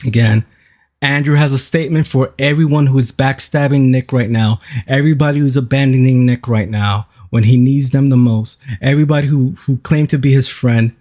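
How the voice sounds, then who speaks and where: A man streaming a reaction to a video, excitable and profane as he hypes up the clip he is playing. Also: medium pitch, a little fast. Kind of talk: live-stream reaction commentary.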